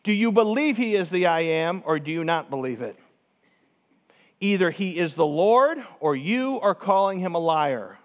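A man's voice: high voice, lively intonation, moderate pace. A pastor preaching a sermon, emphatic and direct, asking rhetorical questions and acting out the people he quotes.

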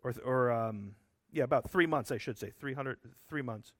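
A man's voice: medium pitch, moderate pace, fairly bright tone, no room sound, studio quality. A man preaching a sermon, explaining a scripture passage in an earnest, emphatic way with rhetorical asides to his listeners.

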